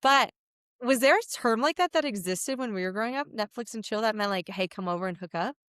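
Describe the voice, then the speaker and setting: A woman in her thirties co-hosts a casual podcast chat, animated and full of filler words. Her voice is smooth and resonant. The sound is dry and close, with no room around it. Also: a little high, brisk, no room sound. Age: 30s. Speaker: podcast co-host.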